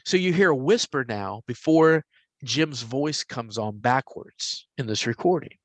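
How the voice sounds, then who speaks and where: A man in his forties casually telling a story, getting animated and hushing into whispers for quoted voices. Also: medium pitch, a little slow, no room sound. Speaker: podcast host telling a story.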